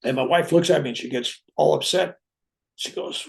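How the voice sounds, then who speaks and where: Brief: reverend, male, gravelly, slightly high voice, animated storyteller who acts out his quotes. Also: normal speed. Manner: animated retelling, acting out quoted voices, chuckling asides. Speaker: reverend sharing a spiritual experience. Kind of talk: personal storytelling.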